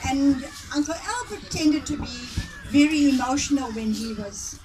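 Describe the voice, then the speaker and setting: A woman's voice: sits high, expressive, normal speed, noisy background. A woman with a South African accent telling family stories at a reunion, often laughing as she goes. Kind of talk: casual family storytelling. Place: outdoor family gathering. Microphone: phone recording from a distance. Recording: distant phone recording with chatter around.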